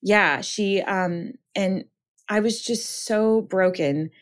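A woman's voice: mid-range voice, takes it slowly. A woman, an author and counselor from Minnesota, telling her own story as a podcast guest in an earnest, reflective way. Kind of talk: personal testimony in conversation.

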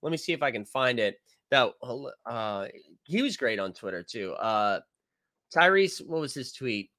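A man's voice: medium pitch, big pitch swings, a little slow, pushed and bright. A man hosting a casual live-stream sports show, rambling and joking as he reads viewer comments aloud. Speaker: sports show host reading live chat.

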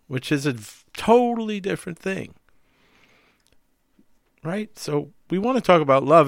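A man co-hosting a talk podcast in an easy, reflective way. He thinks out loud and fills his speech with casual asides. His voice is mid-range and sits dry and close to the mic. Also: mid-range voice, no echo. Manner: reflective, thinks aloud with many "you know" asides. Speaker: podcast co-host.

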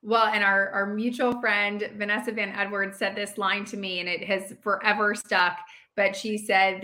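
A woman's voice: medium pitch, little pitch movement, normal speed, pushed and bright. A woman hosting a casual interview chat and explaining her point in a thoughtful way. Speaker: podcast host.

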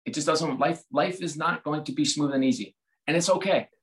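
His voice sits a little high and moves a little fast, over poor audio. This American man in his forties, a sports executive, guests on a conversational interview and speaks openly and reflectively, often restarting what he says.

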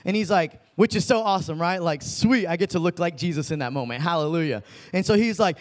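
A man's voice: a little high, brisk. A young man preaching a casual sermon, telling stories in laid-back slang and acting out the people in them. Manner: laid-back slang-filled, animated retelling. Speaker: youth preacher.

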